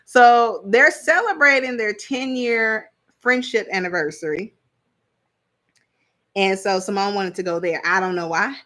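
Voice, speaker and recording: A woman's voice: medium pitch, a little slow, a bit bright. Woman, casual reality TV recap, blunt, chatty, laughs a lot. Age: adult parent. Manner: chatty, blunt, laughs often, trails off searching for names. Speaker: reality TV reviewer. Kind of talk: casual commentary.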